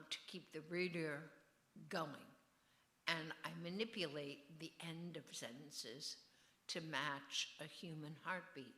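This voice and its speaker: A woman's voice: sits low, pushed and bright. An older woman novelist being interviewed on stage at a festival. She muses and digresses with a wry edge. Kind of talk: on-stage author conversation. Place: festival venue. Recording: roomy echo.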